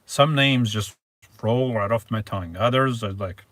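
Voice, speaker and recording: A man's voice: lowish voice, measured pace, fairly bright tone, no room sound. A man hosting a casual live stream, reading viewer messages aloud and answering them in a rambling, hesitant way. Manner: rambling and hesitant, restarts words, reads viewer names aloud.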